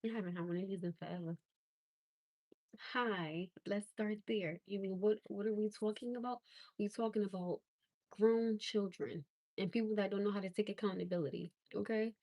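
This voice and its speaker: Speaking at normal speed in a warm, mid-range voice with fairly even intonation, a woman rants on her livestream. She is blunt and exasperated, emphasizing her points with rising disbelief, and there is no echo.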